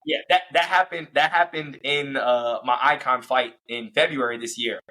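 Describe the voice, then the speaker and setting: Bright-voiced young fighter telling fight stories. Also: male voice, medium pitch, normal speed, rough recording. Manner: animated, acts out fight moments and quotes. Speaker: professional MMA fighter, guest. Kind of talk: casual interview storytelling.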